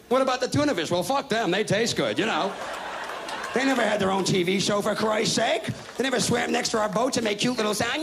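A man in his thirties doing a loud, profane stand-up rant on a live stage. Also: sits high, a little fast, vocal fry, soft background music. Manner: loud, profane, ranting, mocking voices. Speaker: stand-up comedian. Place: stage before a live audience. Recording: live stage recording with audience.

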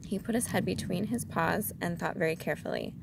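A woman reading a children's storybook aloud in a calm, measured way. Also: fairly low pitch, gravelly, background noise.

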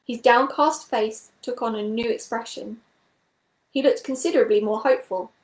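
Female storyteller with a higher voice, reading a children's book aloud in an echoey room. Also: moderate pace.

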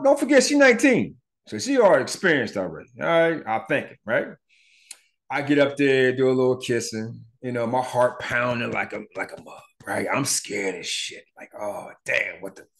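Animated, profane man telling his story. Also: medium pitch, moderate pace. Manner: animated, profane, acts out voices in his retelling. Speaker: podcast host. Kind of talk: casual storytelling monologue.

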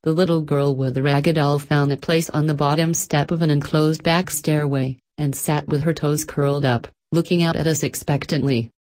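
A woman narrating an audiobook in a calm, measured storytelling manner. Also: low-pitched. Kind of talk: scripted narration.

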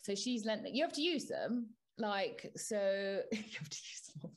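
Animated woman telling a story. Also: mid-range voice, a little slow. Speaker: podcast co-host. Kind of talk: casual chat.

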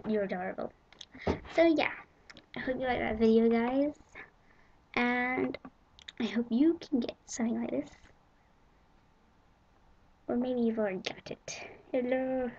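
Brief: bubbly female vlogger, higher-pitched voice, dull lo-fi home-video sound. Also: measured pace, pauses often. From England. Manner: chatty and excitable, rambling with giggles. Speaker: vlogger showing a shopping haul. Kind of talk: casual chat to camera.

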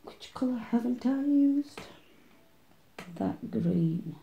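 A woman chatting casually to viewers while she spins yarn, now and then singing along softly. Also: a little high, expressive, takes it slowly, vocal fry, lo-fi sound, a little hiss or hum. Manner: sings along softly between chatty remarks. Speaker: spinning vlogger.

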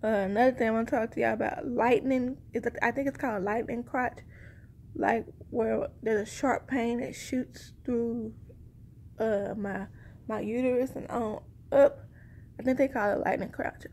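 A woman's voice: a little high, steady tone, normal speed, darkish tone. A woman chatting casually to her viewers in a rambling, conversational way, a little short of breath. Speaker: vlogger sharing a pregnancy update. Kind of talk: casual chat to camera.

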